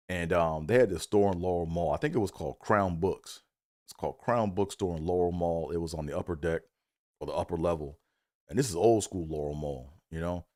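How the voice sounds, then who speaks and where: A man's voice: low voice, a little mellow, no room sound, studio quality. A man from Maryland telling a loose, profane childhood story with lots of fillers and restarts. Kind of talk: casual comedic storytelling.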